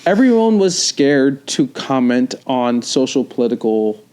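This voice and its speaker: A man's voice: mid-range voice, big pitch swings, unhurried, a little mellow. A man co-hosting a movie-review podcast, talking casually in an earnest, rambling way with jokes. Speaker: podcast co-host.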